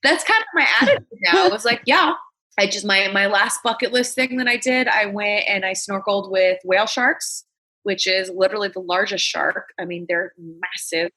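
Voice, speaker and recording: Here the LA comedian's mid-range voice comes across bright and forceful at a normal speed. As a guest in a relaxed interview, she tells her stories frankly and bluntly, swearing a lot.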